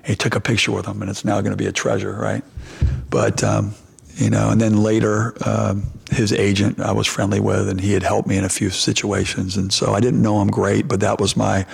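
A man's voice: lowish voice, flat delivery, brisk, gravelly, husky. A middle-aged man, a basketball coach, answering press questions and telling a long story with many restarts and fillers.

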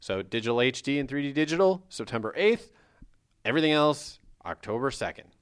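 A man's voice: mid-range voice, big pitch swings, fairly quick, smooth. Jokey rambling male podcast host. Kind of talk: casual chat.

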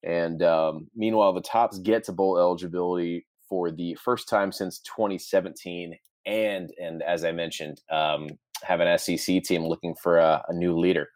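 Low-voiced man hosting a sports podcast. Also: fairly even intonation, moderate pace, darkish tone, dry recording, studio quality. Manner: conversational, easygoing, frequent "uh" fillers. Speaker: podcast co-host. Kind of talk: casual sports podcast chat.

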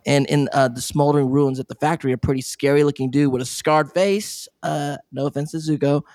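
A man's voice: a little high, brisk, no room sound, studio quality. Chatty man recapping an episode. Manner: chatty, animated, laughs often. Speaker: podcast co-host. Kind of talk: casual chat recapping an episode.

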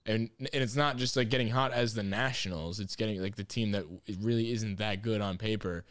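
Low-voiced man ranting about baseball. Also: brisk, no echo, studio quality. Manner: excitable, swears freely, rambling. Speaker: podcast co-host. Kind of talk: casual sports chat.

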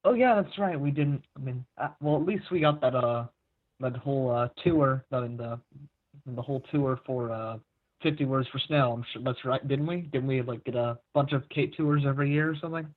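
A man's voice: medium pitch, moderate pace, husky. A man chatting casually on a music podcast, blunt and swearing casually. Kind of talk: casual chat. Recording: tinny phone-like line.

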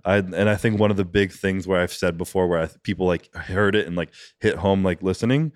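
Fast-talking deep-voiced man, casual and profane. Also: steady tone, no room sound, clean studio sound. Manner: rambling, fillers of "like", frequent swearing. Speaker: podcast guest, bodybuilding competitor. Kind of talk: casual podcast conversation.

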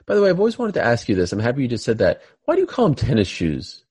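Male host, quick talker, teasing and full of questions. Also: mid-range voice, huge pitch swings, a little mellow, slightly rough. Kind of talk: casual chat.

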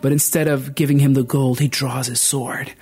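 A man performing a folk tale as a storyteller, expressive and dramatic, shifting pitch and pace. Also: moderate pace, husky.

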